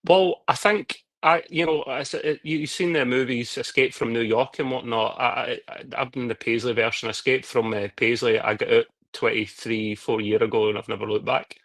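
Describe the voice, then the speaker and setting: A man's voice: medium pitch, fairly even intonation, normal speed, hardly any pauses, a bit bright, dry recording. A Scottish man with a Scottish accent, co-hosting a football podcast in a blunt, joking way with Scots slang. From Scotland. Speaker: podcast co-host. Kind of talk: casual football podcast chat.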